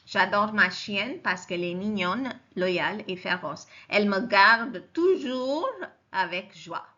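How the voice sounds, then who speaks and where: A woman lectures as a French teacher, speaking slowly and patiently. She repeats each form and keeps checking that her students follow. Her voice is bright and the recording sounds muffled and lo-fi. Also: mid-range voice, expressive. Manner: slow and explanatory, repeats forms and checks understanding. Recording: dull lo-fi recording.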